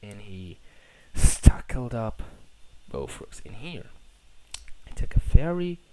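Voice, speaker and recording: A man's voice: lowish voice, very animated, slow pace. A young man from Portugal casually talking through his own chess game, rambling, self-correcting and slangy, on a cheap mic. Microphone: poor-quality microphone. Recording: cheap mic with loud noise.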